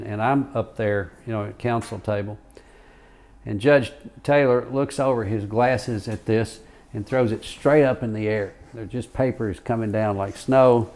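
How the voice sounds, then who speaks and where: A man's voice: on the low side, darkish tone. An older man and retired lawyer recounting courtroom stories in an oral history interview, rambling with fillers and chuckles.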